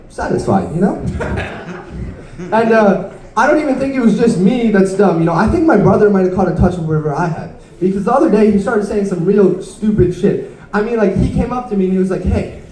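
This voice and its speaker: A young man in his late teens works through a stand-up set, his voice sitting noticeably high. He rambles, trips over his words and pokes fun at himself. The sound is roomy and picked up from some distance away in a club. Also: darkish tone. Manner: rambling, self-deprecating, stumbling delivery. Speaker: stand-up comedian. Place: comedy club stage.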